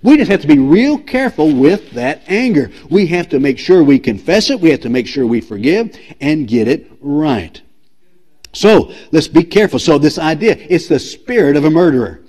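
Emphatic preaching man, higher voice. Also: sing-song, normal speed, darkish tone. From United States. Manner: emphatic preaching, with repeated phrases and direct questions to the congregation. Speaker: pastor. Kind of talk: sermon.

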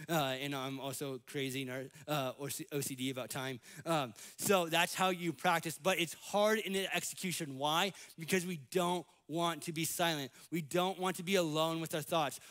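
An American man preaching a sermon in church, animated, acting out the voices he quotes. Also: on the high side, moderate pace, hardly any pauses. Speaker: pastor. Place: church sanctuary.

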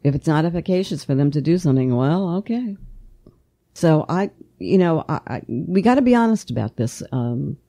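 A woman hosts a political talk show with a low, mellow voice. She argues with passion and trips over restarts, and her voice leaps upward when she gets heated. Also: lively intonation. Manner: impassioned, voice climbs when emotional; rapid, repetitive restarts. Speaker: podcast host.

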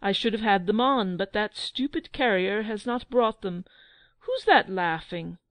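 A woman's voice: medium pitch, lively intonation, measured pace, dry recording, lightly acted. A woman voicing a pompous, blustering young prince in a storybook reading, boastful and huffy.

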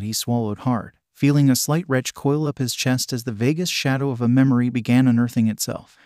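Steady mid-pitched man reading fan fiction. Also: brisk, hardly any pauses, no room sound, studio quality. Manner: reads every ellipsis aloud as "dot dot dot". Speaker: narrator.

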